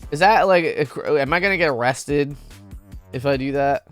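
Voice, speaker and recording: A man's voice: a little high, normal speed, fairly bright tone, soft background music. A man streaming games in a casual, playful chat, giggling and greeting viewers by name. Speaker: game streamer.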